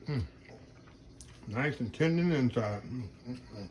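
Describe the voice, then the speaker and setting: A man's voice: medium pitch, expressive, measured pace, a little mellow, a little hiss or hum. A man hosting a casual cooking vlog, chatting with his mouth full and humming "mm" between bites. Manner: chatty, talks with mouth full, murmurs "mm" while eating; Southern phrasing, says "y'all". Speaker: cooking channel host.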